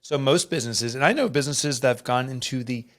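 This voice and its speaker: A middle-aged man, an author and podcast guest, telling a personal story in an earnest, emotional and animated way. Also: mid-range voice, fast talker. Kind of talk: candid storytelling interview.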